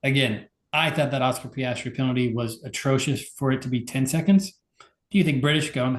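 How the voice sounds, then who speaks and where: A man's voice: mid-range voice, fairly quick, reverberant. A man co-hosting a podcast, talking in a laid-back, casual way with lots of fillers. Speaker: podcast co-host. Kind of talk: casual chat.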